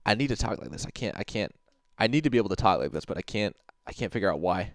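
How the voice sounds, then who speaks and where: A man's voice: on the low side, animated, fast, dry recording, studio quality. A man hosting a livestream, rambling in casual commentary with constant "like" fillers and swearing, answering chat messages as he goes. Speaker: livestream host.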